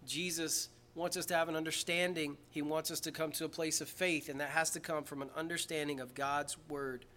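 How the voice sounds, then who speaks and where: A pastor preaching a sermon in church, swinging from quiet, slow, earnest passages up to loud emphatic peaks. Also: male voice, fairly high pitch, flat delivery, a little hiss or hum.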